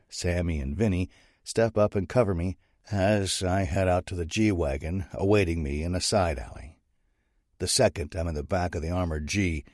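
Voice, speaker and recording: A man narrating a first-person audiobook in a steady, gritty storytelling manner. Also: low voice, no echo, studio quality.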